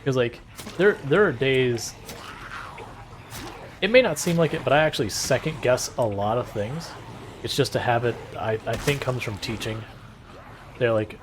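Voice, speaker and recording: A man's voice: medium pitch, normal speed, long pauses, a little hiss or hum. A man streaming a game and chatting casually, rambling and sarcastic, often restarting his sentences. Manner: rambling, self-deprecating and sarcastic. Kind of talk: casual gameplay chat.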